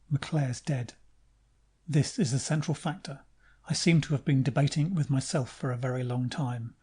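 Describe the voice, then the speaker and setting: Husky dark-voiced male audiobook narrator. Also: medium pitch. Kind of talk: first-person audiobook narration.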